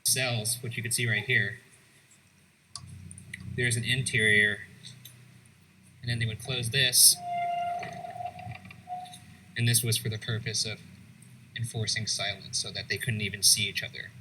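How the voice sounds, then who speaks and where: A man's voice: lowish voice, fairly even intonation, unhurried, pauses often, background noise. A man hosting a ghost-hunting show, narrating a tour of an old prison in a dry, matter-of-fact way with casual swearing. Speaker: show host, guide. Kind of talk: documentary narration and banter. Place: old prison cell block.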